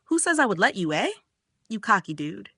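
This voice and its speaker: A woman's voice: medium pitch, big pitch swings, moderate pace, sharp tone, breathy edge, no room sound, studio quality, full character voice. A woman voicing a bossy but shy young sister in a manga recap, with a snappy, flustered manner.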